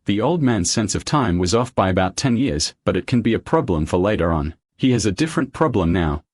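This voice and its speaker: A man narrating a comic recap in a steady, scripted storytelling voice. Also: fairly low pitch, fairly quick, no echo.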